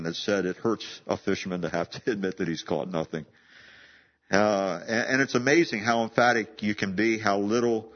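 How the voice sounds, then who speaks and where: A man preaching a sermon in a conversational way, often repeating and restarting words. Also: lowish voice. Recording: dull lo-fi sound.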